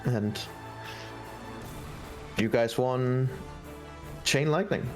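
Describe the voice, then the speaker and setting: A man runs a tabletop game and narrates at a steady, measured pace. His voice sits at an ordinary pitch, and soft music plays faintly underneath. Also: low-quality recording. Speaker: game master.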